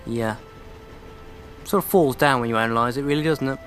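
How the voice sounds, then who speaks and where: A man's voice: mid-range voice, brisk, long pauses, a bit bright, soft background music. A man commenting casually on a video game he is playing, with sarcastic, irreverent asides. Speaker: let's play commentator.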